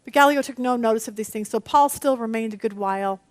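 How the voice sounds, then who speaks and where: A middle-aged woman teaching a women's Bible study, chatty and animated, telling stories against herself. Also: a little high, fast. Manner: animated, chatty, self-deprecating storytelling.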